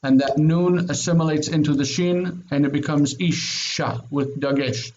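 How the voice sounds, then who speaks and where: In a lesson recorded with dull, lo-fi sound and faint noise, a male Hebrew teacher explains grammar online at a moderate pace. His voice sits on the high side with a darkish tone, and he patiently repeats words, checking in with "okay?".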